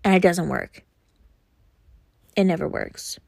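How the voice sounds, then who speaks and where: A young woman hosting a podcast, talking frankly and earnestly in a casual monologue, often pausing on fillers. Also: on the low side, huge pitch swings, gravelly, darkish tone, no room sound, studio quality. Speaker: podcast host.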